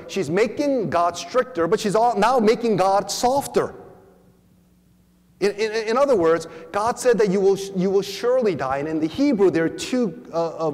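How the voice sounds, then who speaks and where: Animated man preaching in a reverberant hall. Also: sits high. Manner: animated, repeats words, acts out quoted voices. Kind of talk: conference teaching talk.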